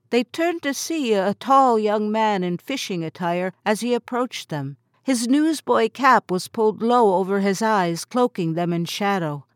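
A woman reads a novel aloud in steady, clear narration. Her pitch sits in the middle of the range. The recording is close and dry. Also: no echo. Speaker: audiobook narrator. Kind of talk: scripted narration.

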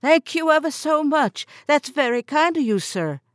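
An older wife , voiced by a woman, gushes her thanks with high, slow exclamations. Her delivery is drawn-out and effusive. The reading is close and dry. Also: expressive, no echo. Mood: gushing. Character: older flustered country wife, gushing.

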